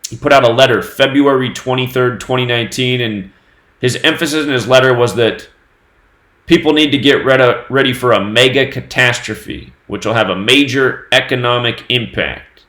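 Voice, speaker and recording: Male host, mid-pitched voice, solo news commentary, reels off dates and number sums, roomy echo. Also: moderate pace. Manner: steady running reading of dates and number sums. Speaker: host of a numerology news channel.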